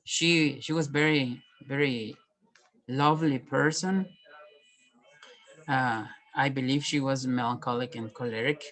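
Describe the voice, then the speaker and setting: Halting, soft-spoken man reflecting. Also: mid-range voice, fairly even intonation, poor audio. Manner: halting, many restarts and pauses. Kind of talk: personal reflective monologue.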